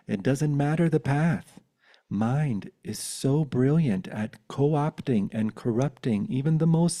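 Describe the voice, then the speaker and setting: A man leads a spiritual talk over a video call, unhurried and contemplative. His voice is mellow and warm, and he moves from reflection into a poetic recital. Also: mid-range voice. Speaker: spiritual teacher.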